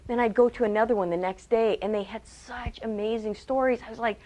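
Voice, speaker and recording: A woman trainer giving a webcast talk on public speaking. She is lively, asks her audience direct questions and acts out quotes in changed voices. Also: on the high side, a little fast, hardly any pauses. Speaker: communication trainer.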